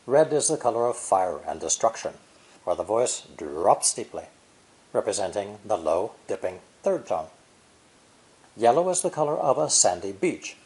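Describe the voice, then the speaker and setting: A man gives a scripted language lesson, his pitch rising and falling in a lively way as he explains. He speaks in a measured, deliberate way and models each sound as he goes. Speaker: language teacher.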